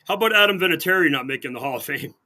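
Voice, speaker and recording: A man's voice: a little high, animated, rapid-fire, bright, forceful tone. A man co-hosting a sports radio show, chatting casually and sarcastically, with lots of restarts. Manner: rambling, sarcastic, many restarts. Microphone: remote call-in line.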